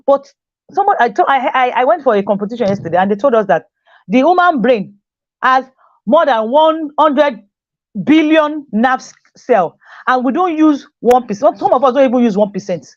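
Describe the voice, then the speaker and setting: Female teacher, motivational group talk, repeats for emphasis, fairly high voice, dull dry lo-fi audio. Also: lively intonation, moderate pace, no room sound. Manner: repeats key phrases for emphasis, acts out quoted voices.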